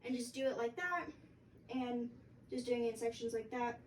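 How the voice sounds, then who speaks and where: A young woman explaining a flute part in a casual, halting way with many fillers. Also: fairly high pitch. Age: young adult. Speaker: flute teacher. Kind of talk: instructional music lesson. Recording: distant mic with faint background noise.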